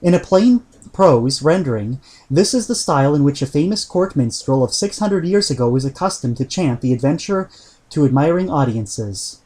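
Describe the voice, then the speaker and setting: Audiobook narrator: a man with a slightly high voice, measured reading of old prose. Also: animated, darkish tone. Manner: measured reading with occasional slips and throat-clearing. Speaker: reader.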